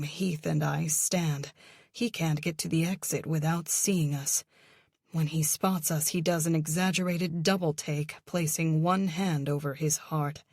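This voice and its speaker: Gravelly low-voiced woman narrating a thriller. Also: no room sound, studio quality. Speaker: audiobook narrator. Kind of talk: first-person thriller narration.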